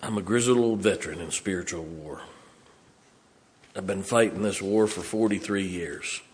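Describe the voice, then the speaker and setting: A man, preaching a sermon as a pastor, swinging from loud to hushed. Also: deep voice, normal speed.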